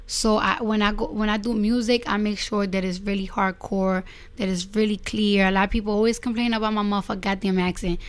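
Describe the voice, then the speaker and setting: A woman's voice: mid-range voice, fairly quick. A woman in her twenties with a Bronx New York accent, a guest talking bluntly and profanely in a casual interview. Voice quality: blunt and profane, animated storytelling. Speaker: guest rapper.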